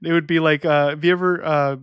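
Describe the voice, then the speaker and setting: A man's voice: on the high side, fast talker, clear, resonant tone, dry recording. A young man co-hosting a podcast, chatting casually and laughing often as he tells stories. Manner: laughs often, animated storytelling. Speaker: podcast co-host. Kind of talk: casual chat.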